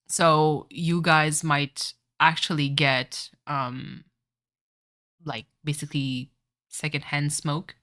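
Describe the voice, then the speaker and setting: A woman's voice: low-pitched, pushed and bright. A woman chatting casually on a live stream while playing a game, joking and swearing with bursts of laughter. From Canada.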